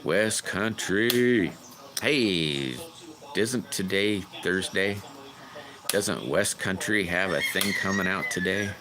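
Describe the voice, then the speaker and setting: A man's voice: sits low, slow, crowd noise. A man casually chatting with viewers on his livestream, rambling and greeting people by name. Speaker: livestream host.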